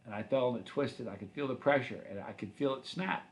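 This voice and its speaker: A man's voice: mid-range voice, brisk. A middle-aged man hosting a livestream, answering viewer comments in a loose, rambling, friendly way with many restarts. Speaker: channel host.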